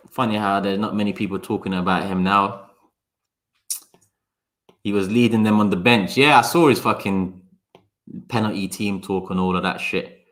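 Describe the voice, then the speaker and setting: A lowish-voiced man hosts a casual livestream, reacting to viewers' comments. His talk is sarcastic and loose, with swearing and bursts of quick words. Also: steady tone, a bit bright. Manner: sarcastic, talks fast in bursts; swears, chats to viewers by name. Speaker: livestream host. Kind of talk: casual live-stream chat.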